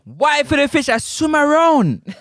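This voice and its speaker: Brief: high-voiced, animated Jamaican live-stream host, playful and teasing. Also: male voice, measured pace, dry recording, studio quality. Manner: playful, teasing, laughs often. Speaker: sports talk host.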